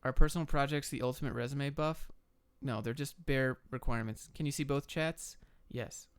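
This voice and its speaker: A young man answering viewer chat questions on a live stream, giving quick, blunt, offhand answers. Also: mid-range voice, smooth, no echo. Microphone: camera and desk mic.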